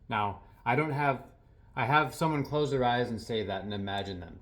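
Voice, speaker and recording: A man who works as a healing practitioner, speaking earnestly in a soft reflective monologue with frequent pauses and restarts. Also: mid-range voice. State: a little teary.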